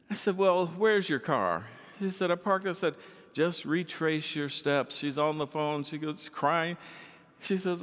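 A man's voice: fairly high pitch, normal speed. Preaching man in an echoing hall. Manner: animated preaching, acts out quoted voices. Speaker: pastor. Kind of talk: sermon.

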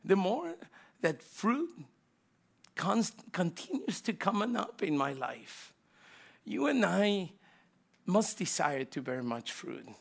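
A middle-aged man preaching a sermon as pastor, telling stories with loud bursts and hushed asides. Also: high voice, sing-song, slow pace, creaky, pauses often, breathy edge.

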